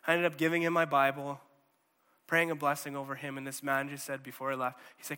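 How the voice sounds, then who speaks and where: Bright-voiced male preacher in a reverberant hall. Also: mid-range voice, fast talker, clear, resonant tone. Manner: conversational, animated, checks in with "okay?" and "right?". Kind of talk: sermon.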